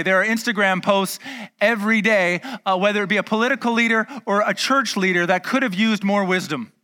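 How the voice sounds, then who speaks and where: A man's voice: high voice, sharp tone. A male pastor preaching a conversational sermon, acting out dialogue with humor.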